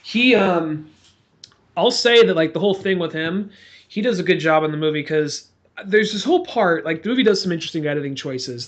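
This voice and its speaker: A man co-hosts a relaxed podcast about films. He speaks in an easygoing, chatty manner and breaks into quick acted-out lines from the scenes. His voice is slightly higher than most men's. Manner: laid-back, chatty, acts out lines from scenes. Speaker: podcast co-host. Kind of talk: casual movie chat.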